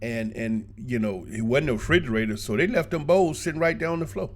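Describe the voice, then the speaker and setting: A man's voice: mid-range voice, a little fast, slight background noise. Brief: man vlogger, casual storyteller, colloquial, laughs a lot, gives blunt advice. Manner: animated, colloquial, laughs often, preachy asides. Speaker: vlogger giving travel advice.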